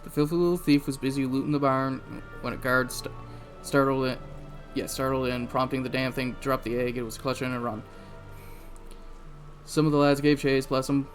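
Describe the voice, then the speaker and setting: A man voicing a brusque female ranch boss in a put-on rough Cockney-style accent, reading game dialogue aloud with slips. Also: mid-range voice, fairly even intonation, soft background music, close to an everyday voice. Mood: gruff. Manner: halting read with slips and laughter.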